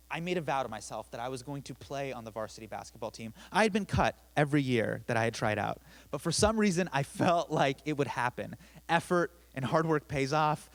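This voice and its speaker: A young man tells a personal story on stage with an average pitch. He is self-deprecating and animated, dropping to quiet asides and then rising into sudden loud bursts. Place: theater stage.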